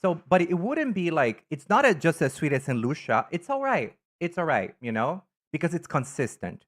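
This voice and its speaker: Campy animated male live streamer. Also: fairly high pitch, normal speed. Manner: campy, animated, greets viewers by name. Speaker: live streamer reading chat. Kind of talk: casual live-stream chat ranking items.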